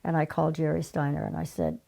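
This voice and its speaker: Older woman, really gravelly kinda low voice, animated storyteller doing little voices for people she quotes. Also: quick pace. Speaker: guest, casting director. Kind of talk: casual interview storytelling.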